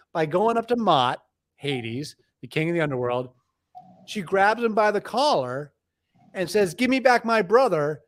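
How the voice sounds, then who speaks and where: A middle-aged man, an author, explaining things in a lively, discursive way with frequent restarts. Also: sits high. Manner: animated storyteller, frequent restarts. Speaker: author, interview guest. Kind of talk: conversational explaining.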